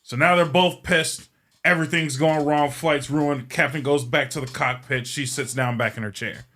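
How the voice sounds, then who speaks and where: Bright-voiced man rambling through a joke. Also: a little high, fairly even intonation, normal speed. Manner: rambling, profane, joke-telling. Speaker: podcast host. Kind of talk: casual storytelling.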